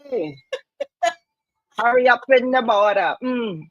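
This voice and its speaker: Loud theatrical lady guest, laughing a lot, bit high, swoops up and down. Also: very animated, unhurried, dull audio. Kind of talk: casual chat on a live show.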